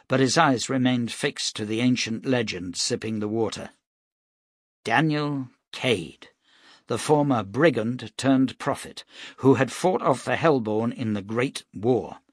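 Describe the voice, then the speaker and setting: A man reading a novel aloud as narrator, in a steady, even way. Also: mid-range voice, slow pace, breathy edge, no echo, studio quality. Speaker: audiobook narrator. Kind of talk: scripted narration.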